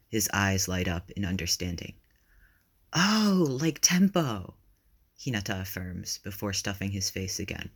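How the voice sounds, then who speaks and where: A man reads a fan-written story aloud with a very deep, low voice. His narration is steady and even, unhurried from line to line. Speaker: reader. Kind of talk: reading fan fiction aloud.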